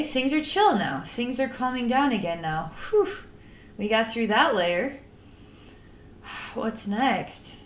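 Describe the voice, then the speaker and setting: A woman's voice: mid-range voice, echoey room, slight background noise. A woman psychic talking through a spiritual healing session in a rambling, emotive way, at times acting out panicked voices. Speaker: psychic channeler.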